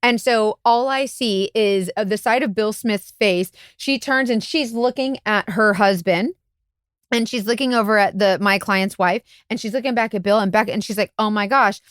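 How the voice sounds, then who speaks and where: A woman's voice: moderate pace, smooth, no echo, studio quality. A woman, a private investigator co-hosting a podcast, telling a story in casual chat and acting out the quotes with big jumps in voice. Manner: animated, acts out quotes with big pitch jumps.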